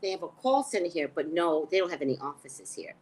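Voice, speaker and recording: A woman's voice: deep voice, big pitch swings, fast, a little mellow, breathy edge, poor audio. A woman hosting a live stream, telling an exasperated story in a casual, profane way and greeting viewers by name. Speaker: live stream host, tarot reader. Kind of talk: casual livestream rant.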